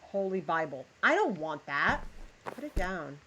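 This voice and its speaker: Low-voiced woman streamer chatting to chat. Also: very animated, unhurried, fairly bright tone, slight background noise, rough recording. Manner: chatty, talks to chat while playing. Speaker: livestreamer. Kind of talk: live game commentary and storybook reading.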